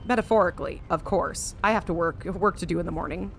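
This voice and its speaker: A woman's voice: fairly low pitch, fast, vocal fry, slight background noise. An American woman streaming a game live, reading its text aloud with dramatic emphasis and chatting casually with her viewers, with the odd swear word thrown in. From United States.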